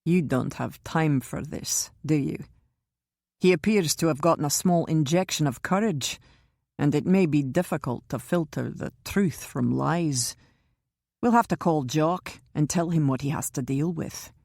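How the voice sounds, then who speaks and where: A woman voicing a cold, soft-spoken man who threatens quietly and calmly. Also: low voice, vocal fry, no echo, clean studio sound, exaggerated voice. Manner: quiet, measured and sinister.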